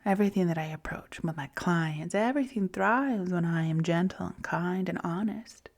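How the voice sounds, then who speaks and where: A woman in her forties hosting a reflective self-help podcast, talking softly and often in a whisper, soothing herself. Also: fairly low pitch, normal speed. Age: 40s. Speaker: podcast host.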